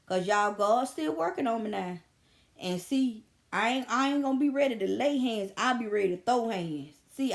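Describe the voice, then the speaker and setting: A woman in her thirties talking to her viewers in a casual vlog, telling stories in an animated, emphatic way. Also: fairly high pitch. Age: 30s. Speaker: vlogger. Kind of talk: casual storytelling commentary.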